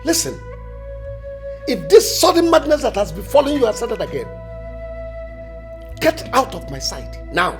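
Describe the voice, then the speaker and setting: A man acting as an imperious king with a wildly swinging voice that leaps from sharp high rebukes to low, dismissive mutters. He lectures and threatens in a period drama, with faint music underneath. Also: wildly swooping pitch, unhurried, long pauses, exaggerated voice. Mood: defensive. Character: stern commanding male king, quick to threaten.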